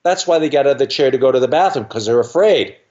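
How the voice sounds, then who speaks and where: A man in his sixties, a dentist guest on a podcast, telling anecdotes in a lively way and acting out other people's voices in quick asides. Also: medium pitch, muffled recording. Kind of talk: animated anecdotal storytelling.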